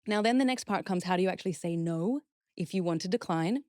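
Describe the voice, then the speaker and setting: A woman's voice: lowish voice, quick pace, darkish tone, no echo, clean studio sound. A woman speaking as a guest expert in a podcast interview, explaining steps earnestly and acting out example phrases.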